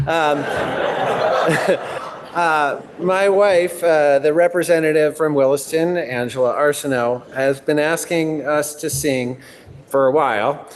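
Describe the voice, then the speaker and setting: A middle-aged man, a guest singer, giving an earnest introduction in a large legislative chamber, halting with frequent ums. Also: on the high side. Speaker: guest singer leading a devotional. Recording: long hall reverb, faint music behind.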